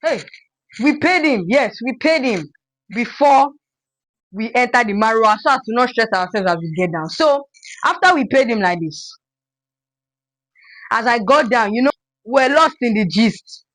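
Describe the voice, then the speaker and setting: A young woman with a Nigerian accent, telling a storytime vlog in an animated, dramatic way and acting out the scenes. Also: fairly high pitch, a little slow, long pauses, dry recording, poor audio. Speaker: vlogger.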